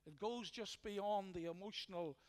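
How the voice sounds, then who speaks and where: A man's voice: high-pitched, moderate pace. A man with a Northern Irish accent preaching a sermon as pastor, earnest and emphatic, often repeating phrases for weight. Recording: long hall reverb.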